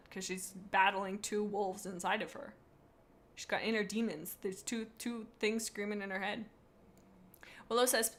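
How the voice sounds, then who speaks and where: A woman's voice: mid-range voice, fairly bright tone. A woman on a live stream, rating viewers' pet cats in a playful, rambling way and reading chat comments aloud into a desk microphone.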